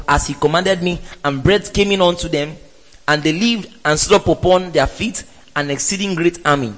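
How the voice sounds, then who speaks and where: A man preaching a sermon in an emphatic way, with rhetorical questions and sudden loud exclamations. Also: fairly high pitch. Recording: reverberant hall.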